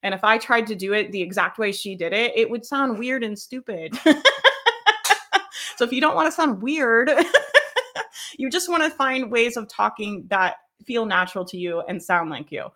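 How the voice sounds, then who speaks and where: Woman coach, bright and forceful tone, chatty and encouraging. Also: fairly high pitch, normal speed. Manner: encouraging, chatty, frequent "right?" check-ins; laughs often. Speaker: social media coach. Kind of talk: live online workshop teaching.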